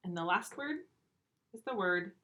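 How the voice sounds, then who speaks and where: A woman teaching a first grade video lesson, speaking slowly and clearly, repeating words and encouraging the children. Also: lowish voice, expressive, noisy background.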